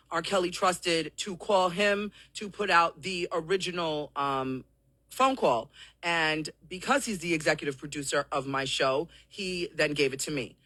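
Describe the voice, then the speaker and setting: Sounding apologetic, this woman explains things at length to the viewers of her live-streamed talk show while hoarse from coughing and a bit out of breath. Her pitch is lowish, her voice pushed and bright, and there's no echo.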